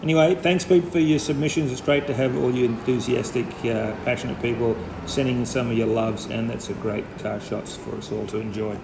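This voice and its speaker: A man with an Australian accent hosting a casual video, relaxed and chatty with lots of fillers. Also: mid-range voice, a little fast, creaky, hardly any pauses, background noise. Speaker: host. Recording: echoey room.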